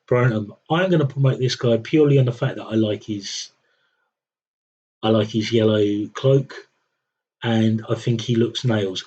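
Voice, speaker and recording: A man's voice: medium pitch, darkish tone, husky, dull audio. A man streaming a strategy game, talking to himself in a wry, rambling, self-mocking way. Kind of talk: rambling live-stream commentary.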